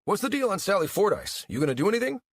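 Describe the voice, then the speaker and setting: A man's voice: sits high, very animated, rapid-fire, no room sound, clean studio sound, voice pushed up, heavily acted. A man narrating an audiobook voices an agitated middle-aged townsman, strained, raised and accusing. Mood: indignant.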